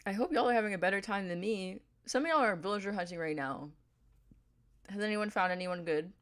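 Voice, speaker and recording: A woman streaming a game and chatting with viewers, given to dramatic mock outrage and quick asides. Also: medium pitch. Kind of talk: casual livestream chat.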